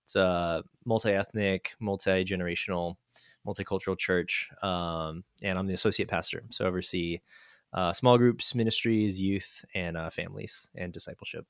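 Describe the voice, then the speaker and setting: Smooth-voiced pastor man, dry sound. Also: low voice, steady tone, no echo. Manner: playful, quick to laugh. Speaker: associate pastor, podcast guest. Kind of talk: casual interview chat.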